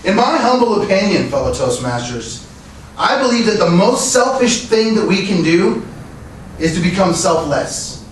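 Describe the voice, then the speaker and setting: A man giving a prepared Toastmasters speech, earnest, asking rhetorical questions. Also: high-pitched. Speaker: Toastmasters speaker. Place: meeting room. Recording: echoey room, distant mic, faint noise.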